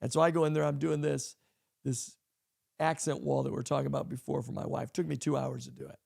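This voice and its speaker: A man's voice: mid-range voice, flat delivery, fast talker, vocal fry, darkish tone. A man, a pastor hosting a podcast, giving a casual leadership talk and repeating his key points for emphasis.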